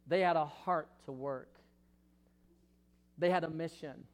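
A male pastor in full sermon, his voice sitting a little high for a man. He preaches with passion, moving between ringing emphatic questions and quiet, close asides. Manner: impassioned preaching, swinging from loud questions to hushed asides.

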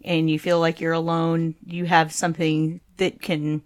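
A middle-aged woman and mother chatting casually on a podcast, talking easily with lots of fillers and quick laughs. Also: low-pitched, flat delivery, a little mellow. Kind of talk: casual chat.

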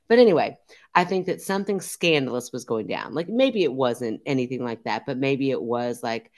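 A woman co-hosting a podcast in casual chat, animated and joking, with blunt asides. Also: extremely low pitch, moderate pace.

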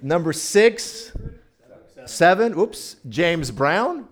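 A man preaching as a guest speaker in a loose, conversational way. He keeps turning to the congregation with questions, in a playful tone. His voice sits at an ordinary middle pitch. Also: normal speed. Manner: chatty, playful, talks directly to the audience. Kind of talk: casual sermon.

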